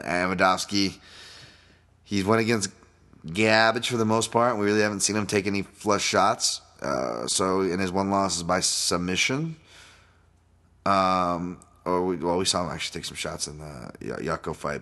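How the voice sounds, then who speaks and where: A deep-voiced man talks casually into the mic, hosting his own podcast. He rambles from point to point, drops curses freely and chuckles at his own jokes. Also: pushed and bright. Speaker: podcast host and fight analyst. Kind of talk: casual solo podcast breakdown.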